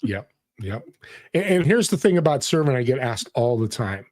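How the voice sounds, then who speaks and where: A man's voice: mid-range voice, sing-song, moderate pace, darkish tone. A middle-aged man, a podcast guest, telling a personal story in an earnest, motivational way. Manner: earnest, motivational, acts out quoted people. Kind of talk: conversational storytelling.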